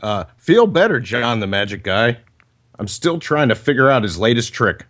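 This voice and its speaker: A man's voice: medium pitch, sing-song, moderate pace, a bit bright. A man on a breaking-up internet call reads prepared roast jokes and chuckles between them. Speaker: caller reading roast jokes. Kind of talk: reading prepared roast jokes, laughing at his own lines.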